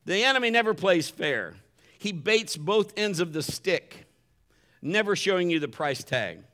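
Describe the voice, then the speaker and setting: A man's voice: high-pitched, very animated, a little slow, pushed and bright. A pastor preaching a sermon in a conversational way, acting out the voices he quotes.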